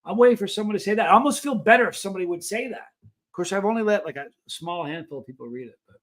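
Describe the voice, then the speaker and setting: Middle-aged man, livestream host, earnest, rambling, restarts sentences, casual chat, a bit high-pitched. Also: animated, rapid-fire. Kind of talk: casual chat reading live comments.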